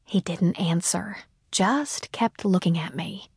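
A woman reading a first-person audiobook in a calm, measured storytelling voice on a close mic. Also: on the low side, slightly rough, no room sound. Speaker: audiobook narrator.

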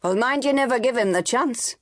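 A sharp-tongued farm mother, as a woman narrator puts her on, snapping out her disapproval. She sits higher than the reader's own voice and pushes a little harder. The audiobook reading is close and dry. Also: animated, moderate pace, no echo, lightly acted. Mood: sharp disapproving.

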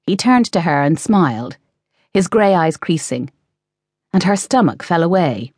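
Woman narrating an audiobook, steady measured reading, lowish voice, dry close mic. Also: husky, no room sound. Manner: measured storytelling. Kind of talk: scripted narration.

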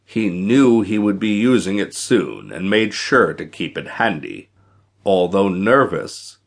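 A man narrating an audiobook adventure in scripted, expressive storytelling. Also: lowish voice.

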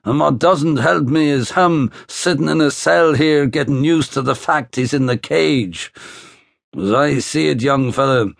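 A man voicing a huge, blunt police detective from Belfast, with a Belfast accent, speaking gruffly and profanely in an audiobook. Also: fairly high pitch, a little slow, no echo, clean studio sound, voice pushed up. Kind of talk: audiobook character voice.

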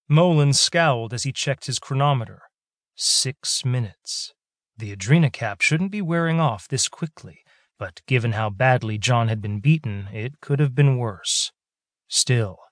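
A man narrating a science fiction audiobook in a steady, measured way. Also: medium pitch, no echo, clean studio sound. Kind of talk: scripted sci-fi narration.

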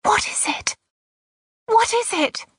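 A woman voicing a frightened young wealthy mother in an audiobook, pleading in a high, breathless voice. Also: slow, fairly bright tone, dry recording, studio quality, full character voice. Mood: panicked. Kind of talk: audiobook character voice.

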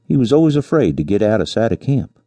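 A man voicing a smooth-talking young cowboy who spins a tale in a folksy, mock-mournful way. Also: lowish voice, sing-song, quick pace, dark tone, no room sound, pitched above the performer's own voice. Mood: mournful, glib.

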